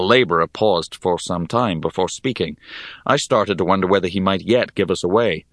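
A man narrating a fantasy story in the first person, in a measured, expressive way. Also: deep voice, no room sound. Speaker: audiobook narrator.

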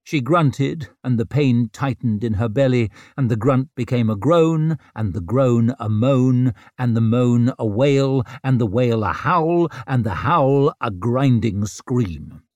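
A man narrating an audiobook with expressive storytelling. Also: medium pitch, slow pace, hardly any pauses, dry recording. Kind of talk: scripted narration. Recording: dry close studio sound.

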